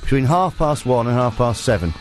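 Lively British man, crude banter. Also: medium pitch, a little fast. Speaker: podcast co-host, comedian. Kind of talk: casual chat. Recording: faint music bed behind.

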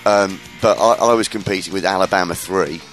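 A man's voice: deep voice, fairly quick, fairly bright tone, faint music behind. A man hosting a casual radio chat, enthusiastic and rambling, often restarting his sentences. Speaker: radio show host.

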